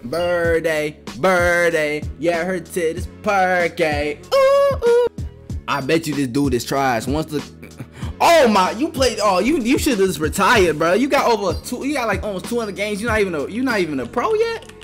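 A young man giving trash-talking commentary over his gameplay, swinging between loud taunting shouts and low muttering. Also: normal speed, faint music behind. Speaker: gaming streamer.

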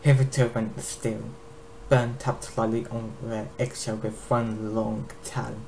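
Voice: mid-range voice, little pitch movement, unhurried, creaky, a little mellow, poor audio. A narrator giving an amateur dramatic reading of a fantasy novel in plain storytelling delivery. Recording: faint background noise.

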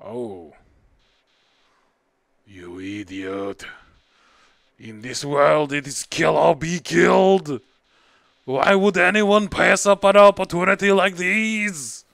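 A man's voice: a little high, slow pace, vocal fry, pauses often, fairly bright tone, no echo, voice pushed up, full character voice. A man doing a two-faced flower creature. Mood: menacing. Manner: syrupy friendliness turning to sneering threats. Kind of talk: game voice-over while streaming.

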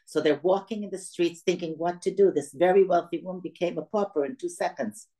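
A woman's voice: lowish voice, brisk, mellow, rough recording. An older woman giving a talk to an audience, telling a family story and acting out the voices of the people in it. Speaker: guest speaker.

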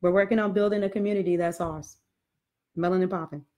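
A woman's voice: lowish voice, fairly even intonation, fast talker, darkish tone. A woman hosting a motivational live stream who talks in a blunt, emphatic, slangy way and curses for emphasis.

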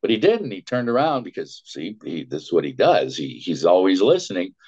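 An older male voice actor, appearing as an interview guest, tells an anecdote in a low, husky voice at a fairly quick pace. He's a lively storyteller who acts out the lines he quotes and cackles, all captured in dull lo-fi sound.

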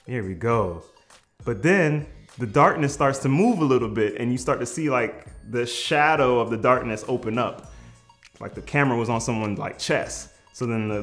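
A man telling a funny personal story in casual slang, animated and prone to shouting out the lines he quotes. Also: mid-range voice. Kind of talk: comedic storytelling.

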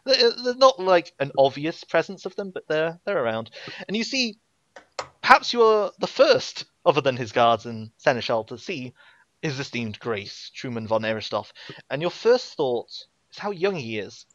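Male game master, rambling descriptive narration, animated pitch, dull dry audio. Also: normal speed, no echo. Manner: rambling, filler-heavy description.

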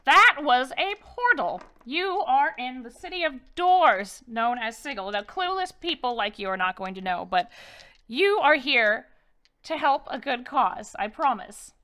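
A woman's voice: high-pitched, lively intonation, bright, forceful tone, exaggerated voice. A woman playing an old wereraven crone. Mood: solemn. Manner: slow, fussy, easily insulted. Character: ancient frail female wereraven crone.

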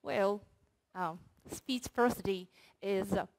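A woman's voice: mid-range voice, takes it slowly, darkish tone, a little hiss or hum, rough recording. A woman researcher giving a short, playful research talk that addresses the audience directly. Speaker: researcher presenting her project. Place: university hall before an audience.

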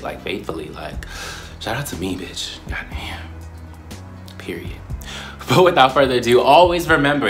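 A young man in a casual vlog, talking in a playful, slangy way and often breaking into high squeals. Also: a bit bright. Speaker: YouTuber.

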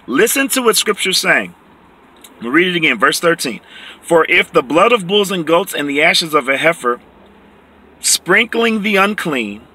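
A man teaching from the Bible, reading verses slowly and explaining them emphatically, often checking in with "okay?". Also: a little high, bright, forceful tone. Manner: reads scripture slowly and deliberately.

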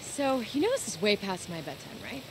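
A woman's voice: medium pitch, sing-song, brisk, slight background noise, natural voice. An actress playing a young woman scientist in a video game, wry and teasing, with a dry, easily amused manner. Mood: weary. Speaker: game character. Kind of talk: video game dialogue acting.

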